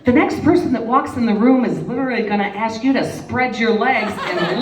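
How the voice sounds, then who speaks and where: A woman's voice: on the high side, a little fast. Woman, fifties, bawdy stand-up comic, echoey hall, distant mic, laughing crowd, noisy. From Wisconsin. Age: 50s. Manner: brash, bawdy, conspiratorial with the audience. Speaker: stand-up comedian. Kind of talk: stand-up comedy set. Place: reception hall, live show. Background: audience laughing.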